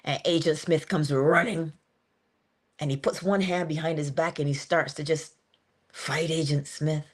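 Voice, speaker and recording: Lower-voiced woman giving casual inspirational talk. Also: fairly even intonation, a little slow. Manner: casual, earnest, conversational with sudden emphasis. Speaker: motivational speaker. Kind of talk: inspirational monologue to camera.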